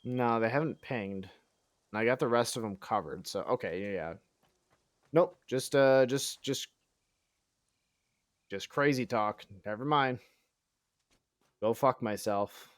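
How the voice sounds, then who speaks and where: In clean studio sound without echo, a medium-pitched man talks slowly with long pauses while streaming a game. His casual chat is sarcastic and mock-boastful, full of swearing, self-deprecation and thinking aloud.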